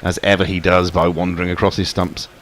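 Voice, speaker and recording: A man's voice: deep voice, level tone, brisk, fairly bright tone. A man calling cricket ball by ball, joking with his co-commentator between deliveries.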